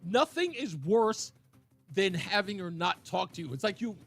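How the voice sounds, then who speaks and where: A man's voice: high voice, moderate pace, breathy edge, faint music behind. A man hosting a talk radio show, telling stories casually and laughing often. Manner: laughs often, animated storytelling. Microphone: studio microphone.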